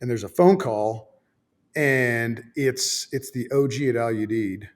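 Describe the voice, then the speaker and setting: A man's voice: mid-range voice, measured pace. Man in his fifties telling a war story, salty and offhand. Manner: swears freely, self-deprecating, many fillers and restarts. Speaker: guest, former fighter pilot. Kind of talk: casual storytelling.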